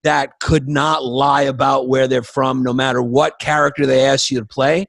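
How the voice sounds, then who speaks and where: A man co-hosting a casual podcast who drops in quick, wry comments. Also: medium pitch, level tone, gravelly, fairly bright tone, dry recording. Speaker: podcast co-host.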